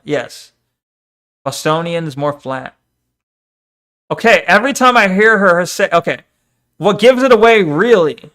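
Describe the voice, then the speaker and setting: High-voiced man rambling at his chat. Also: lively intonation, moderate pace, long pauses, fairly bright tone. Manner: rambling, argumentative, reads chat messages aloud and answers them. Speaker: streamer. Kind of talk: casual live-stream chat.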